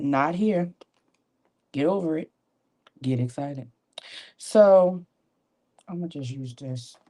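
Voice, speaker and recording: A woman vlogger and consultant doing her makeup at her home vanity, talking in a chatty, encouraging way, full of folksy asides. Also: low voice. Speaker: beauty vlogger and sales consultant. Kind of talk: chatty motivational talk while doing makeup. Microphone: tablet camera at her vanity.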